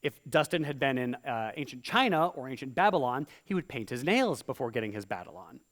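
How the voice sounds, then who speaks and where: A performer doing stand-up comedy in rhyme on a live stage, talking in a playful, theatrical way. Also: male voice, medium pitch, big pitch swings, fairly bright tone. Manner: playful, theatrical, quick vocal impressions.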